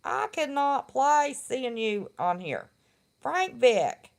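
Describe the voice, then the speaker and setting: A middle-aged woman hosts a casual live stream, talking slowly with a gravelly edge. Her pitch swings widely as she chats bluntly and breaks into laughter. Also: very animated. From West Virginia. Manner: chatty, laughs often, blunt.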